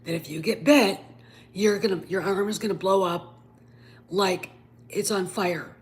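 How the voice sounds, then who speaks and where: A woman's voice: mid-range voice, unhurried. A woman host giving a casual, rambling film review, emphatic and sometimes dropping to a whisper.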